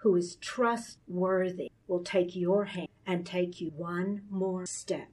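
A woman giving a sermon-style Bible teaching, earnest and confiding, with soft laughs between points. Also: fairly low pitch, steady tone, slow, distant mic.

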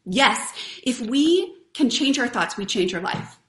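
A woman's voice: on the high side, expressive, a little slow, fairly bright tone. A woman hosting a live stream, giving a casual, earnest motivational talk and chatting with viewers. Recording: roomy echo.

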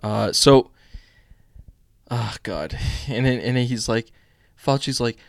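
A man's voice: medium pitch, slow pace, gravelly, pauses often, no echo. Chatty young man, dry close mic. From United States. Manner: chatty and rambling, reads news aloud with frequent asides. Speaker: host of a political commentary live stream. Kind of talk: casual political commentary.

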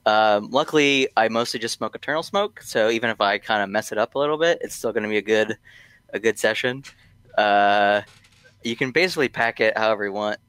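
A man's voice: lowish voice, a little fast, a bit bright, smooth, no echo. A man guesting on a podcast, talking casually and hesitantly with many ums and restarts. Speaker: guest from a tobacco brand.

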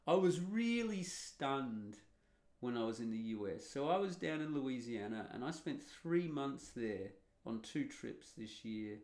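A man's voice: medium pitch, lively intonation, a little slow, a little mellow. An Australian man with an Australian accent, giving a blunt, rambling solo monologue full of fillers and restarts. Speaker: vlogger.

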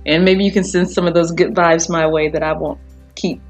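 A woman's voice: low-pitched, steady tone, normal speed, soft background music. A woman hosting her own podcast, chatting casually and rambling, with frequent fillers and laughs. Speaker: podcast host. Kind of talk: casual solo podcast chat.

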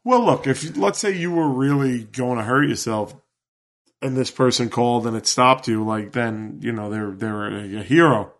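A man's voice: mid-range voice, moderate pace. A man in his forties co-hosting a podcast, talking in casual chat, blunt and profane, his voice climbing when he gets worked up. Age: 40s. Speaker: podcast co-host.

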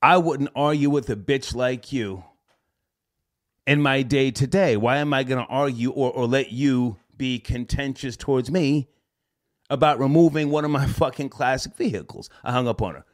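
A man hosting a call-in show, telling a rambling story in a casual, profane, animated way and laughing as he goes. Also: mid-range voice, moderate pace.

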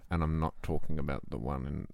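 A man putting on a very deep, gravelly voice, pompous and mock-self-important, as a comedy bit. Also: fairly even intonation, fairly quick, a little mellow, dry recording, studio quality. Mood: mock-grand.

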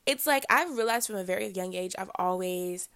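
A woman's voice: mid-range voice, moderate pace, a bit bright. A teenage girl hosting her own podcast, a little congested, talking casually with many fillers and self-corrections. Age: teens. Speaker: podcast host.

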